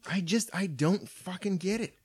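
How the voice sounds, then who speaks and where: A man's voice: high voice, moderate pace, slightly rough. A young man hosting a podcast, ranting in casual, profane storytelling about everyday annoyances. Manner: profane, animated storytelling rant. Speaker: podcast host.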